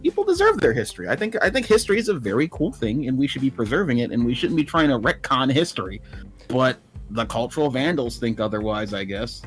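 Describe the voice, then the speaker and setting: A man talks casually on a livestream, opinionated and quick to laugh. His pitch rises and falls a great deal as he talks. Faint music plays in the background. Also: very animated. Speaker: streamer.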